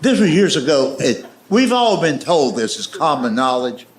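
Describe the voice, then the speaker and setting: A man doing stand-up, spinning folksy family stories in a drawling, deadpan way. His voice sits a little high and swings up and down with a lot of life. It is heard through a stage mic in an echoey live room with a faint hum behind it. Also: moderate pace. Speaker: stand-up comedian. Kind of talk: stand-up storytelling. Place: comedy stage before a live audience.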